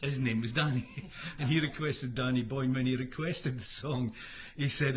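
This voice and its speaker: A man's voice: mid-range voice, fairly even intonation, normal speed. A Scottish man with hay fever, chatting casually between songs on a livestream from home. He rambles, trails off with ums and chuckles often. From Scotland. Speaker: singer and musician hosting a livestream. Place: at home in Florida.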